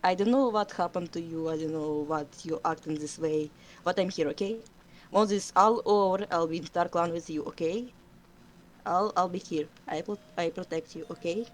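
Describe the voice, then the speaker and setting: A woman voicing a smooth-talking, manipulative male warrior cat in a tabletop game, coaxing and hushing in a falsely sweet way. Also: lowish voice, moderate pace, slight background noise, lightly acted. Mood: soothing.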